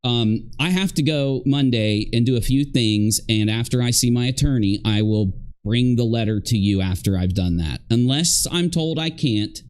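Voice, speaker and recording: A man's voice: medium pitch, normal speed, a little mellow, clear, resonant tone. Male streamer, casual, rambling, indignant. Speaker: streamer in a played clip. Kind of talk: casual livestream talk.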